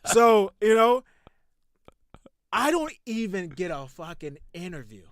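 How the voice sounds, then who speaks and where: A young man hosting a podcast, telling a long story in a loud, profane, animated way that drops to muttering. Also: high voice, slow, smooth, no room sound. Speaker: podcast host.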